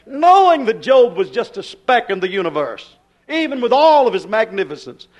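High-voiced male preacher, emphatic, hollers his questions. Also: fairly bright tone. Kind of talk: sermon.

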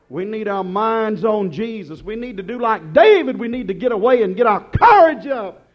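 Fiery preacher on a lo-fi recording. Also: male voice, high voice. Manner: dramatic storytelling preaching, acting out quotes, rising to shouts. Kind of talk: sermon. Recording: dull lo-fi sermon recording.

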